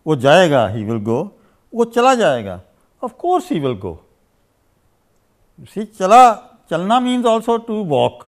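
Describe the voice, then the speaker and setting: A man's voice: high voice, very animated, a little fast, long pauses. A man teaching a grammar lesson, explaining at length with many "you see"s and "uh"s, repeating examples. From India. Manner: repeats example phrases in two languages. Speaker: language teacher. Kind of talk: unscripted grammar lecture.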